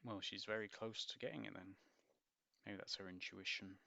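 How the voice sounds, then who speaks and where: Gravelly man musing over a storybook. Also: lowish voice, fairly even intonation, moderate pace, sharp tone, no echo. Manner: musing, wry asides with hesitant ums. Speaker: book reviewer. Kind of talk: reading a picture book aloud with commentary.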